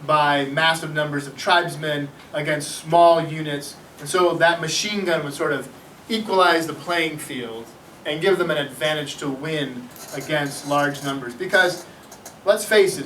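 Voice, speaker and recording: A middle-aged male teacher lectures with animated energy and keeps quizzing his students. His voice sits high and sounds bright. He is caught from a distance in a room with a lot of echo. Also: a little hiss or hum. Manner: animated, asks the class questions. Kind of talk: classroom history lecture. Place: classroom. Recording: echoey classroom from far off.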